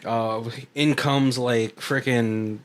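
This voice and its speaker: A man's voice: mid-range voice, steady tone, extremely slow, a little hiss or hum. A man co-hosting a casual movie commentary podcast, rambling through the plot, laughing often and acting out characters' lines. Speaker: podcast co-host.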